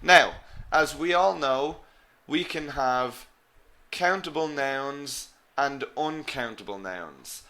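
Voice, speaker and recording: A man's voice: mid-range voice, slow pace, bright, forceful tone. A man teaching an English webinar, stressing each example phrase and calling his learners "guys". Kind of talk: live webinar lesson.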